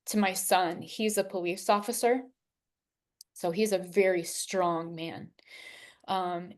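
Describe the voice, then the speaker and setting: A woman in her forties giving an earnest, emotional personal testimony as an interview guest, unhurried, with long pauses. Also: medium pitch. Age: 40s.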